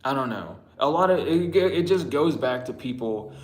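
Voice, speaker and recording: A man's voice: mid-range voice, expressive, normal speed. A man giving a casual spiritual tarot reading, talking bluntly, swearing often and rambling. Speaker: tarot reader. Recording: roomy echo.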